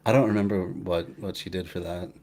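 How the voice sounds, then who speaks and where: A young man hosting a live stream, chatting casually in a rambling, halting way, with many restarts and fillers. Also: deep voice, fairly even intonation, darkish tone. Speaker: livestream host.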